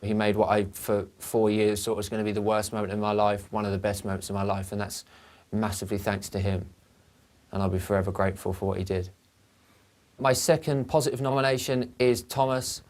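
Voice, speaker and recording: A young man with a lowish voice talks in a reality-show diary room. He speaks earnestly and from the heart, explaining his choices one after another. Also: little pitch movement, brisk, a little mellow.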